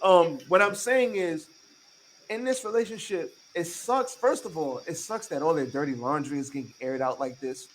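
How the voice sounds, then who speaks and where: High-voiced man ranting emphatically. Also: normal speed, a little hiss or hum, poor audio. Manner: emphatic, profane, repeats points for emphasis; lecturing listeners directly. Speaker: podcast host. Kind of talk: casual podcast chat.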